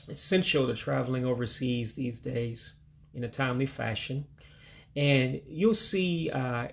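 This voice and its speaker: A man from the United States leading a casual vocabulary lesson, slowly and carefully repeating foreign words and explaining them plainly. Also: mid-range voice, gravelly. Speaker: language learner teaching vocabulary.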